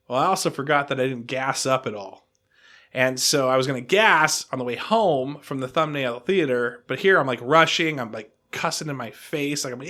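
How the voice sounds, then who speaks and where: A man hosting a podcast, telling a long story in casual chat, animated and self-deprecating, acting out what people said. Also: medium pitch, moderate pace. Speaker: podcast host.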